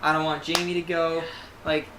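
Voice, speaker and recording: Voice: medium pitch, level tone, moderate pace, pushed and bright. A podcast co-host in casual chat who swears freely and rambles with lots of fillers. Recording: roomy echo, faint noise.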